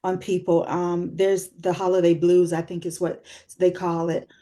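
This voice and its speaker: A woman in her sixties, a guest author on a talk show, gives a personal testimony in an interview, reflective and earnest with frequent fillers. Her voice is lowish and warm, with a flat delivery at normal speed.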